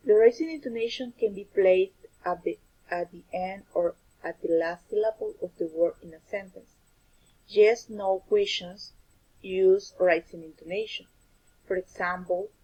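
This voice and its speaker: A woman giving a scripted lesson on pronunciation, explaining carefully and deliberately with examples. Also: medium pitch, warm tone, husky, rough recording.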